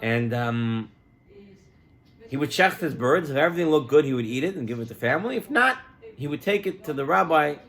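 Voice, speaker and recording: A male rabbi delivers a sermon built around a story. He tells it in a lively way, scattering Hebrew terms through his talk, and his voice sits a little high. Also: brisk.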